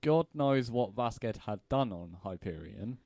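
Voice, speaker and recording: Hesitant, low-voiced man podcast guest. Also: lively intonation, vocal fry, darkish tone, no room sound. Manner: hesitant, halting, with dry humour. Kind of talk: casual chat.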